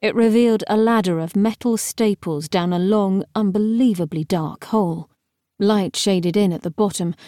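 Woman reading an audiobook, wry and even, mid voice, super dry close mic. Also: medium pitch, no echo. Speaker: audiobook narrator. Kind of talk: scripted narration. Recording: dry, close studio sound.

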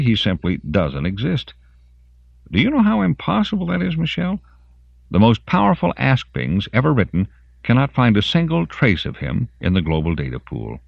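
A man's voice: fairly low pitch, creaky, dry recording, lo-fi sound, pitched above the performer's own voice, heavily acted. A man voicing a relentless male interrogator who presses with needling questions.

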